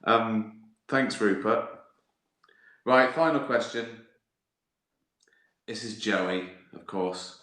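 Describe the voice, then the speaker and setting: A man's voice: fairly low pitch, very slow, long pauses, pushed and bright. A man hosting a live stream, answering viewer questions in a sweary, laughing, comic monologue. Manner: sweary, laughing, riffing on absurd ideas. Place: indoor room, live stream. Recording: roomy echo.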